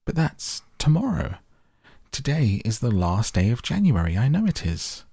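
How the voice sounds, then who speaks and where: Male reader doing a storybook mum, fussy and kind, pitched way up, husky edge. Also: huge pitch swings, normal speed, dark tone, no echo, studio quality, heavily acted. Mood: excited. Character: middle-aged mother, fussy yet kind.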